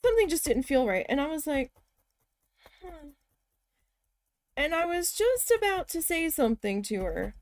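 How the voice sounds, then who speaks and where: A woman's voice: high voice, very animated, brisk, few pauses, dry recording. A woman chatting casually while she works on a craft, telling stories and talking to her cat. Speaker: crafting vlogger.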